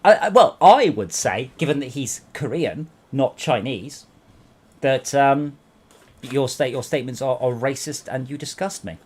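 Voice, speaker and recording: A man's voice: medium pitch, lively intonation, unhurried, darkish tone, slightly rough. Teasing man chatting on a livestream. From England. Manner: teasing, rambling anecdotes. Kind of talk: casual chat while playing a game.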